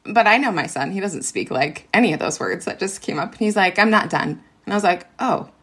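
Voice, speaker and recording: Animated woman telling a story. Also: medium pitch, brisk, slightly rough. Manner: animated retelling with many fillers and quoted dialogue. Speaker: interview guest, ed tech worker and former teacher. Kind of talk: casual storytelling.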